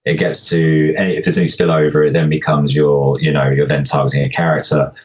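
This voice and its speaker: A bass-voiced man co-hosts a casual podcast about tabletop game rules, speaking a little fast in a level tone. He rambles, jokes, and keeps correcting himself.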